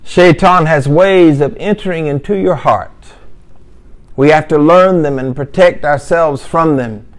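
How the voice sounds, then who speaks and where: A man's voice: on the high side, measured pace. A man giving a religious lesson as a lecturer, emphatic and repetitive, with storytelling asides. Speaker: Islamic lecturer.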